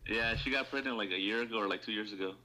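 Young man, casual chat, crude slangy storyteller, very bright ringing tone. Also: fairly low pitch, rapid-fire, low-quality recording. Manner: profane, slangy, retells with loud mock-quotes.

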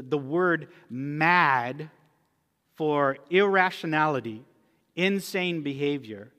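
A man's voice: on the high side, fairly bright tone. Conversational male pastor in a reverberant hall. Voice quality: conversational, emphatic teaching. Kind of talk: sermon. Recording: long reverb of a church hall.

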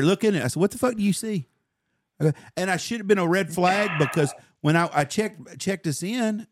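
Fast-talking, blunt man. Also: on the high side, dry recording, clean studio sound. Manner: blunt, heavy swearing, storytelling. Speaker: podcast co-host. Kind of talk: casual chat.

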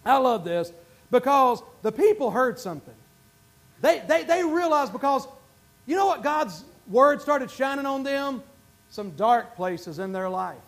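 Pastor guy, really high voice, goes soft then yells out praise. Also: expressive, measured pace. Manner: swings from quiet asides to shouted bursts of praise. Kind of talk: sermon.

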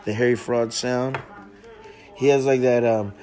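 A man's voice: medium pitch, fairly even intonation, measured pace, dark tone, faint music behind. A man hosting a casual podcast chat, laid-back and slangy, swearing freely. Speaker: podcast host.

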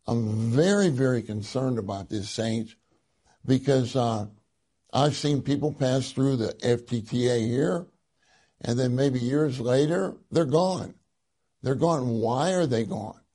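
A man preaching in a slow, deliberate way, pressing hard on the words he wants to stress. His voice is husky and mellow, and he speaks with earnest concern to his listeners. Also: mid-range voice. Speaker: church speaker. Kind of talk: sermon with read-aloud passages.

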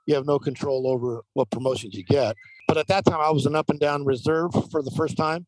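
A man who works as a professional baseball umpire, telling lively stories in a casual interview with many fillers. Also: a little high, a little fast, dry recording, low-quality recording. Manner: animated anecdotal telling, frequent fillers.

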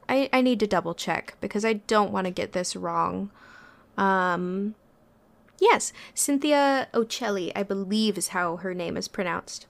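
A woman therapist talking in a relaxed, reflective way on a podcast, searching for her words with frequent pauses. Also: medium pitch. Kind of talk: casual reflective podcast talk.

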